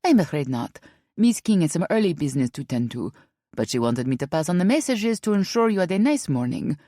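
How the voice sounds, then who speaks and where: A woman voicing a calm, polite female housekeeper with a Brazilian accent, formal and composed. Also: deep voice, a little fast, dry recording, studio quality.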